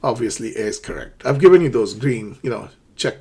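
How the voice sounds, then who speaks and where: Husky-voiced man teaching English. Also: medium pitch, lively intonation, fairly quick, mellow. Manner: explains step by step, acts out shop dialogues; frequent fillers and check-ins like okay. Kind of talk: English lesson for learners.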